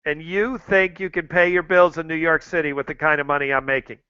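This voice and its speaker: A man's voice: on the high side, steady tone, fairly quick, pushed and bright, clean tone, no room sound, highs cut off. A middle-aged American man hosting a show, chatting casually and addressing his listeners directly over and over. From United States. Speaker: host.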